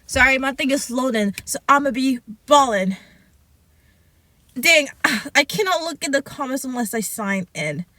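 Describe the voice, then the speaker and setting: Sassy high-voiced young woman. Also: animated, sharp tone, no echo. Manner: sassy and chatty, scolding asides, drawn-out words. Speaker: podcast host reacting to online stories. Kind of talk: casual reaction commentary, reading posts aloud.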